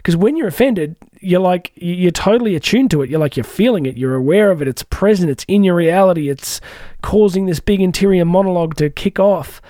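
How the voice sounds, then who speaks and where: Male podcast host, dry close sound, warm dark timbre, conversational coach with frequent asides. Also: high voice, a little fast, no room sound. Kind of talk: reflective podcast talk on personal growth.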